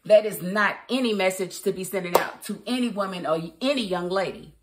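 A woman giving a casual, opinionated spoken review of a TV episode, chatty and quick to laugh. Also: medium pitch, slight background noise. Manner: chatty and opinionated, laughs often, mimics characters. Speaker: TV show reviewer.

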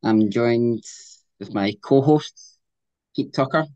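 A man's voice: medium pitch, slow, warm tone, lo-fi sound. A man hosting a podcast, with friendly, easygoing banter. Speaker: podcast host. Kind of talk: casual podcast chat.

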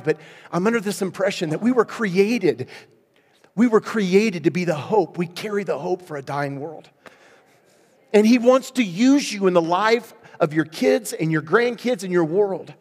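A man preaching at a revival service, telling a story in a lively, conversational way and laughing often. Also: high-pitched, moderate pace. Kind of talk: storytelling sermon. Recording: long reverb in a church hall.

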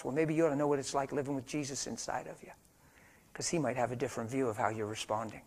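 A middle-aged man preaching a sermon in a church, moving between quiet, hushed storytelling and loud, fervent exhortation. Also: mid-range voice, fairly even intonation, quick pace.

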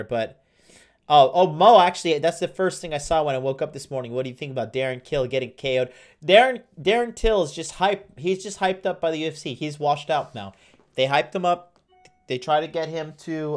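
Young male livestream host, casual rambling chat, mid-pitched voice, computer mic. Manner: rambling, with frequent fillers and restarts. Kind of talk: casual livestream chat reading viewer comments.

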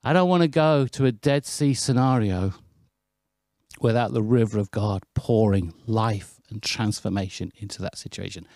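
In a clean studio without echo, a British man with a fairly low voice delivers a sermon at a moderate pace, leaning on anecdotes, chatty energy, and self-deprecating humor.

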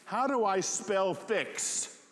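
A man's voice: high voice, lively intonation, slow, fairly bright tone, voice pushed up, heavily acted. A man voicing a young boy who eagerly and plaintively calls the telephone operator for help. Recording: echoey hall.

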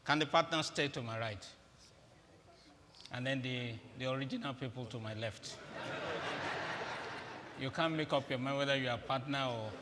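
A guest preacher gives a humorous, interactive sermon, directing volunteers on stage in a large auditorium. His medium-pitched voice moves at a moderate pace with long pauses, amid crowd noise in an echoey hall with faint ambience.

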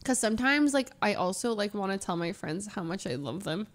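A woman's voice: medium pitch, expressive, brisk. A young adult woman streamer chatting casually and emotionally as she reacts to clips, laughing often. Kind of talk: casual live-stream chat.

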